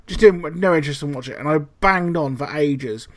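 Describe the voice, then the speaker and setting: A man's voice: fairly high pitch, fast, hardly any pauses, fairly bright tone. A man co-hosting a casual podcast chat, telling family anecdotes and mimicking his parents with some swearing. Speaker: podcast co-host.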